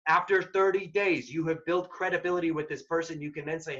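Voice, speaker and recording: A man's voice: a little high, steady tone, brisk, hardly any pauses, a bit bright. A man presenting a career workshop, giving direct, emphatic advice in a casual way. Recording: dull lo-fi recording.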